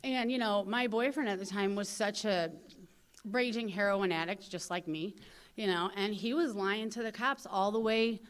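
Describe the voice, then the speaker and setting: A woman's voice: medium pitch, normal speed. Candid St. woman telling her story. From St. Louis, USA. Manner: candid, animated storytelling with frequent "you know". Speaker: recovery convention speaker. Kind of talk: personal recovery testimony.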